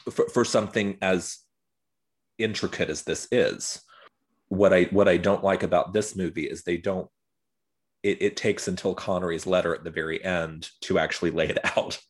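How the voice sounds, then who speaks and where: A man co-hosting a podcast, talking through a film review in a measured way and often repeating words as he thinks. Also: low voice, fairly even intonation, slightly rough. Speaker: podcast co-host. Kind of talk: casual film review chat.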